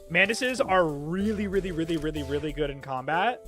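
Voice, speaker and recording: A young man livestreaming a game, chatting excitedly and swinging between loud outbursts and low muttering. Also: a little fast, faint music behind. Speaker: streamer. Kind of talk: live gameplay commentary.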